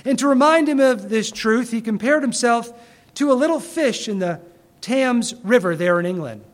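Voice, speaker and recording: A man preaching a sermon, building to emphatic bursts and dropping to quiet pauses. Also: very high-pitched, lively intonation. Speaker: pastor.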